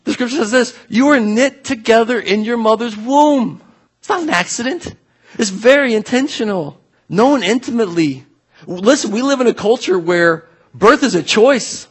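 A pastor delivers his sermon in a high, slightly husky voice. He talks to the congregation like a friend, then presses his points home by repeating them with emphasis. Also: animated, normal speed. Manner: emphatic, conversational preaching with repeated phrases.

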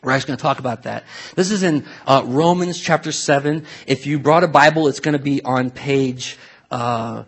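A man's voice: medium pitch, moderate pace, slightly rough. A man preaching a sermon in a conversational, storytelling way, full of asides to the congregation. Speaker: pastor.

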